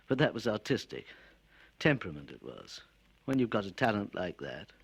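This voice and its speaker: A man's voice: on the low side, very animated, moderate pace, gravelly, breathy edge, dry recording, full character voice. A man voicing Fred, a grieving rustic showman with plain country speech, on an old spoken-word record. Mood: mournful.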